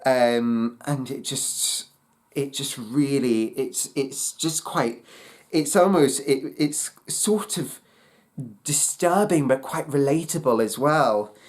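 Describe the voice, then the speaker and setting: A man's voice: mid-range voice, takes it slowly. A man giving a casual spoken album review, hesitant and full of fillers and restarts.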